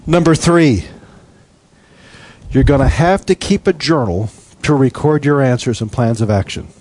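A man preaching a sermon in an animated way, acting out voices and laughing as he goes. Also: medium pitch, unhurried. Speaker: pastor.

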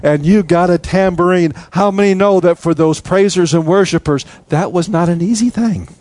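A man preaching a sermon in an animated way, acting out voices and laughing as he goes. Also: high-pitched, normal speed, no room sound. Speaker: pastor.

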